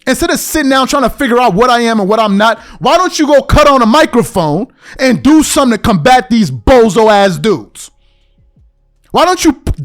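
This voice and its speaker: High-pitched man ranting, exasperated. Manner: exasperated, repetitive, emphatic. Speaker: podcast host. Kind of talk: heated rant to camera.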